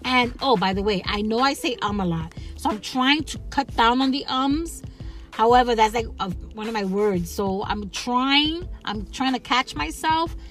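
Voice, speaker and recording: A woman's voice: fairly high pitch, moderate pace, fairly bright tone, faint music behind. Chatty woman podcast host, rambling. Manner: chatty, rambling, many fillers and restarts, laughs often. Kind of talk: casual solo podcast chat.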